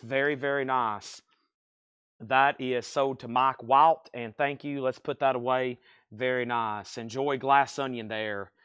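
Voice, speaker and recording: A man's voice: medium pitch, fairly bright tone, no echo, clean studio sound. A man selling records on a live stream, running through prices, conditions and thanks to buyers in an easy chatty way. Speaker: record shop livestream seller. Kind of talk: live sales stream patter.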